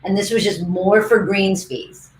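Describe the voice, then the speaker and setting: A woman coach co-hosting a casual livestream, telling lively stories on a video call. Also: mid-range voice, measured pace, reverberant, slight background noise, low-quality recording. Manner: lively anecdotal storyteller. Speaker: coach and co-host.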